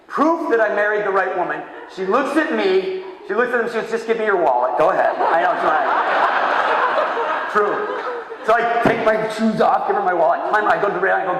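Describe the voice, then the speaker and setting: A man in his fifties delivers a keynote talk in a large hall, his fairly high voice bouncing around the room with heavy echo. He tells stories with animation, acting out other people's lines. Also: noisy background. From Massachusetts, USA. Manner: animated storyteller, acts out voices with big pitch jumps. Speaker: keynote speaker. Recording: echoey hall, heard from far off.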